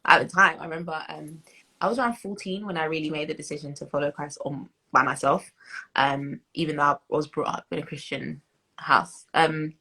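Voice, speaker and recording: This British woman in her twenties is being interviewed, and she reflects aloud, stumbling through many fillers and restarts while laughing over her stories. Her voice sits low and brisk, bright and forceful, with fairly even intonation and a slight roughness. The audio quality is poor.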